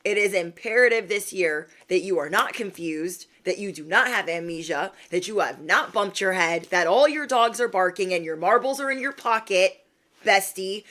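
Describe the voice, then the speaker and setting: A woman's voice: mid-range voice, bright, forceful tone. A young woman hosting a spiritual livestream, talking to her viewers in a sassy, slangy way and laughing often. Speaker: spiritual reader and livestream host. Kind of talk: casual livestream pep talk.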